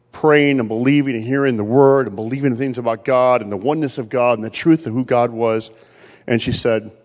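A man preaching a sermon, telling a family story and quoting his relatives along the way. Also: medium pitch. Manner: storytelling, quotes family members in his own voice. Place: church. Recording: long reverb of a church hall.

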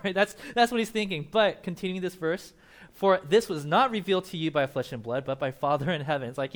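A young man preaching a casual sermon as pastor, animated, acting out Bible characters and laughing often. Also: fairly high pitch, fairly quick.

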